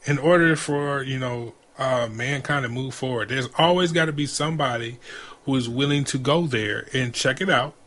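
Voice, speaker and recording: A man's voice: medium pitch, moderate pace, fairly bright tone. A man co-hosting a podcast, talking in a loose, conversational way with slang and repeated phrases. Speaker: podcast co-host. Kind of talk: casual chat.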